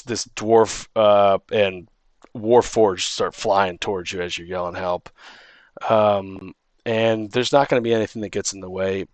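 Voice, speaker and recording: A man's voice: low-pitched, no room sound. A man running a tabletop game as dungeon master, rambling with many restarts and ums.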